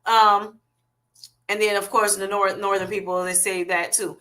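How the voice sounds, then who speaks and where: A woman's voice: mid-range voice, flat delivery, unhurried, sharp tone. A woman with a Southern US accent hosting a casual livestream, chatting with viewers and reading their comments aloud in a folksy way, laughing often. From Southern United States. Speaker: livestream host.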